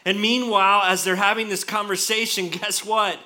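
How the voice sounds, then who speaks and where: High, very bright-voiced male pastor. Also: normal speed. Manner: animated storytelling with frequent restarts. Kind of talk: sermon.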